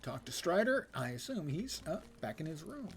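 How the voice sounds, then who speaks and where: A man's voice: on the high side, sing-song, moderate pace, slight background noise. An older man streaming a game, giving casual, wry, self-mocking commentary and reading quest text aloud.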